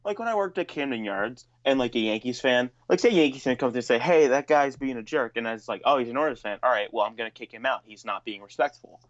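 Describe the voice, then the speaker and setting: A man's voice: medium pitch, fast talker, hardly any pauses. A man in an ordinary middle register co-hosts a podcast, spinning a long story and ranting with plenty of swearing. His voice comes through a dull, slightly lo-fi recording with the top end rolled off. The delivery is loose, casual chat. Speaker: podcast co-host.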